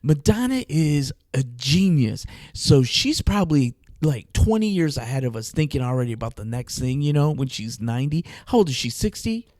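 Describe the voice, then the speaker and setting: A man hosting a podcast, telling comic stories in an animated, jokey way, with big swings in pitch and loudness. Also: normal speed, hardly any pauses, no echo, studio quality. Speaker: podcast host. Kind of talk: casual comedic chat.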